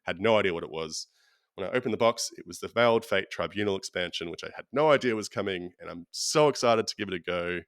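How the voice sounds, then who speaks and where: Dry-voiced low man hosting. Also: fast, fairly bright tone, no room sound. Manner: chatty, wraps up the show with thanks. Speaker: podcast host. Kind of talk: casual chat.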